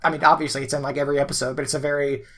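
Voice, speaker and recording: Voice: mid-range voice, level tone, very fast. A podcast co-host in casual conversation, chatty with many fillers and laughs.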